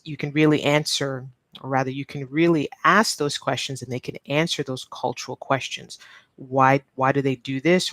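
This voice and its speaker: A woman's voice: very deep voice, no room sound. A woman English teacher from New York with a neutral accent, speaking patiently in a live-stream lesson and repeating key points. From New York, United States.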